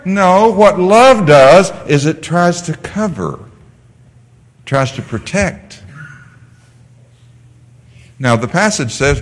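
A man preaching a sermon, from the Netherlands, animated and emphatic, dropping to a soft storytelling voice. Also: on the high side. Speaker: pastor. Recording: long hall reverb.

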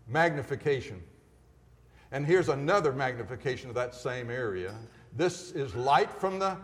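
Emphatic male lecturer in a reverberant hall. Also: on the high side. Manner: emphatic, rhetorical questions. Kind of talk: classroom lecture.

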